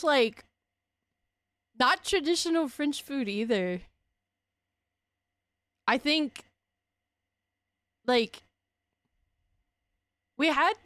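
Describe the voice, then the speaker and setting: High-pitched and fairly bright, this smooth voice belongs to a young Cajun-accented woman from Louisiana, recorded with no room sound. She chats casually as a streamer, wandering off topic, fixing her own words, and laughing a lot.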